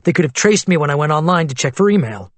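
A man voicing a tense, anxious man on the run, speaking low and hushed in an audiobook. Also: lively intonation, fast talker, no room sound.

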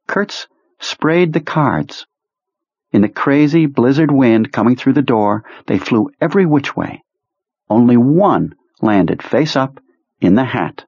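A man reading a novel aloud as narrator, in a steady, measured voice. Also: medium pitch, breathy edge, no room sound, muffled recording. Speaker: audiobook narrator. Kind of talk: scripted narration.

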